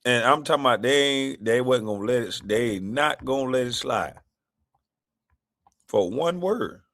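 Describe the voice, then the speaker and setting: A man's voice: medium pitch, animated, normal speed, fairly bright tone, dry recording, clean studio sound. A man hosting a live stream, giving loose, laughing, ranting commentary.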